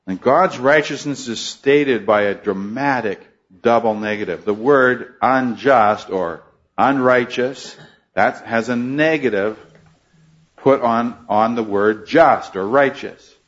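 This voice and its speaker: A man delivers an expository sermon in a middle-pitched voice, earnest and measured, leaning hard into the words he wants to stress. The recording sounds a little dull and muffled. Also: fairly bright tone. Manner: earnest teaching tone, rising emphasis on key phrases. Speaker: preacher.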